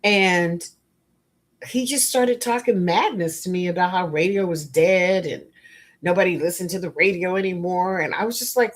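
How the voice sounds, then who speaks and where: Speaking at a fairly low pitch and moderate pace, a woman who works as a spiritual life coach hosts a motivational podcast. She's emphatic and blunt, addresses listeners directly, and adds frank asides.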